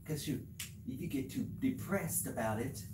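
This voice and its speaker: This casual vlog features a male video creator speaking to camera at a mid-range pitch and moderate pace. He hands out earnest life advice in a rambling, repetitive manner full of restarts, and the sound is reverberant and very noisy.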